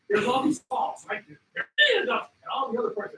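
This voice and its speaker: A man telling wildlife photography stories to an expo audience, excitable and loud at the peaks, acting out the animals. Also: extremely high pitch, a little fast, roomy sound, recorded from a distance, noisy background. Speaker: wildlife photographer giving a talk. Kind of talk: animated storytelling presentation. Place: expo hall. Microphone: handheld mic.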